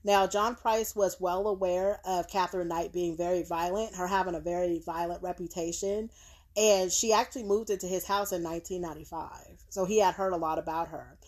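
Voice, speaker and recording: A woman co-hosting a casual podcast, recounting a true crime case in a relaxed way with fillers and frequent agreeing yeahs. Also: lowish voice, fairly quick.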